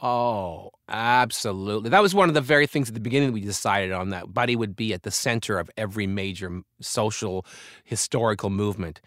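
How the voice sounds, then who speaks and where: Low-voiced older man, candid and reflective. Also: brisk, a bit bright, no room sound, clean studio sound. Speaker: comedian and author, guest. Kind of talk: conversational interview.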